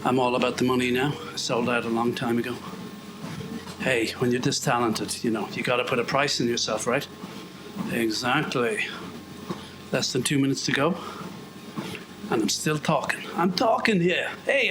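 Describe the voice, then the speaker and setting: A man's voice: mid-range voice, steady tone, normal speed, pauses often, background noise. A man from Ireland who talks in a chatty, self-mocking way and wanders off topic while he walks on a treadmill. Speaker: vlogger. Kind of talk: rambling treadmill monologue.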